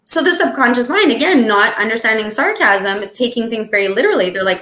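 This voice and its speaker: A woman co-hosting a podcast in casual chat, talking in a chatty, expressive and jokey way and acting out dramatic lines. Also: a little high, fast talker, few pauses, reverberant. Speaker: podcast co-host. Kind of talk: casual chat about weight loss.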